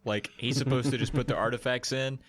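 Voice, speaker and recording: A man's voice: mid-range voice, steady tone, brisk, fairly bright tone, no echo. A man co-hosting a podcast, chatting casually and making joking, sardonic asides. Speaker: podcast co-host. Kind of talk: casual chat.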